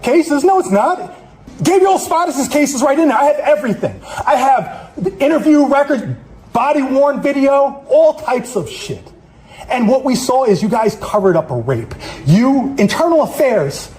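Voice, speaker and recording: A man's voice: very high-pitched, expressive, moderate pace, darkish tone, slight background noise. A man giving an angry, accusatory public comment speech, swearing as he denounces the police.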